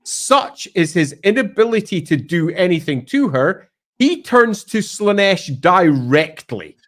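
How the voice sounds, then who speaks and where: Animated man chatting lore. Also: high-pitched, a little slow. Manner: animated storyteller, playful asides. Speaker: podcast co-host. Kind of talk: casual lore discussion.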